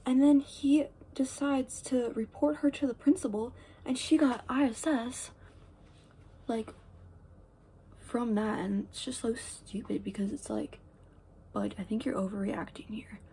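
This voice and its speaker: A teenage girl rambling through a casual get-ready-with-me story, full of "like" and "um", with quiet asides. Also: fairly high pitch, unhurried, husky. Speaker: vlogger.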